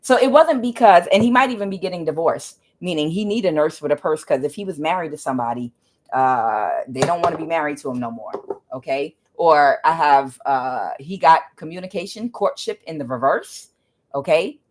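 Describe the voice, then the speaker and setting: A woman's voice: deep voice, expressive, moderate pace. A woman giving a casual tarot reading, talking emphatically and often checking in with "okay?". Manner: emphatic, keeps asking "okay?", ranting asides. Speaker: tarot reader.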